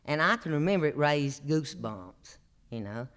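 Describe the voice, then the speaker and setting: Appalachian guy in his 60s spinning folksy stories on stage, smooth kinda high voice, chuckles a lot. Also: animated, moderate pace, a bit bright. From Appalachian North Carolina. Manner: drawling, homespun, chuckles through his stories. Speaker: traditional singer and storyteller. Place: opera house stage, live show.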